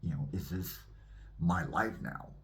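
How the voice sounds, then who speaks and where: A man, a minister, telling his personal testimony in an animated way and acting out the scenes. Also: low-pitched, measured pace.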